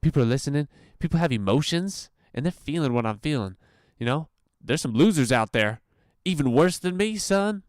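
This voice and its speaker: A young man hosting a solo podcast from the floor at home, rambling crudely and profanely, self-mocking and laughing at his own jokes while high. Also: lively intonation, normal speed, hardly any pauses, no room sound, studio quality. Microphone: computer mic.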